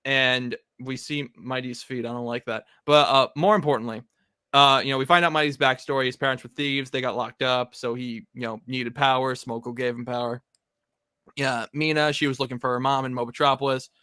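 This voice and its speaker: A man's voice: mid-range voice, level tone, fairly quick, sharp tone, clean tone, dry recording, clean studio sound. A man co-hosting a casual comic recap, rambling with lots of fillers and frequent laughter. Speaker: podcast co-host.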